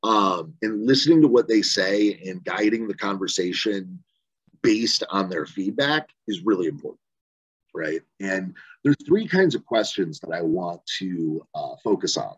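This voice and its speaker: Male trainer, casual and rambling, lowish husky voice, dry dull video-call audio. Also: animated, measured pace, no room sound. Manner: conversational, rambling, many fillers and "right?" asides. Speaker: phone banking trainer. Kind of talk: casual virtual training talk. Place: home room, virtual session. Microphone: video call mic.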